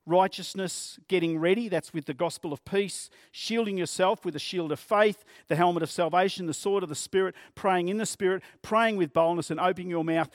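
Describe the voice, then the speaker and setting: A man's voice: sits high, dry recording, studio quality. A man preaching a sermon as pastor, earnest and plain-spoken, using vivid everyday examples.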